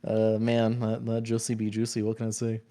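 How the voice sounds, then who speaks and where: A man's voice: fairly low pitch, completely flat delivery, normal speed, mellow. Playful man reading stream chat. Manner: playful, jokey asides between read-outs. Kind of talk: casual stream chat, reading chat messages aloud.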